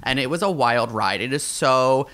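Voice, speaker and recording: A man co-hosting a podcast, riffing in an animated way with many fillers. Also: mid-range voice, normal speed. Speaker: podcast co-host. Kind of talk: casual podcast chat.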